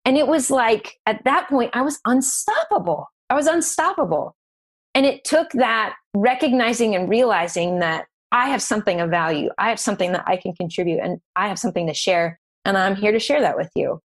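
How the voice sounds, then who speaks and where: A woman guest on a podcast interview, telling a personal business story in an earnest, emotional, animated way. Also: medium pitch, fairly quick, hardly any pauses.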